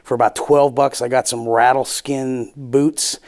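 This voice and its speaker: A man's voice: mid-range voice, little pitch movement, unhurried. A man in his thirties, a comedy panelist telling a rambling, self-mocking story with swearing. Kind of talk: casual storytelling.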